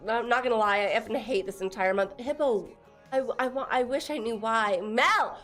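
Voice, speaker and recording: A woman's voice: on the high side, normal speed, a bit bright, faint music behind. A young woman from Texas chatting casually on a live stream, laughing often and teasing her viewers as she reads their messages. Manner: giggly, teasing, reads chat aloud.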